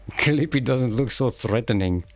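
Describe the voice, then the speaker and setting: A man's voice: mid-range voice, expressive, slow. A man streaming a game and commenting casually, rambling and joking and laughing often.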